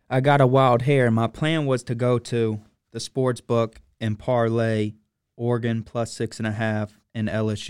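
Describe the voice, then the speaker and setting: Mellow, smooth-voiced man co-hosting. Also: medium pitch, no echo, clean studio sound. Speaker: podcast co-host. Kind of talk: casual sports podcast talk.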